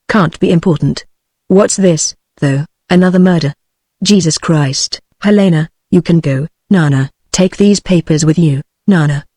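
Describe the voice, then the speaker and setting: A text-to-speech voice of a woman with a British English accent, reading a stage play aloud in one even voice, speaker names and stage directions included. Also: on the low side, no echo, studio quality. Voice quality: even synthetic delivery with no change between characters.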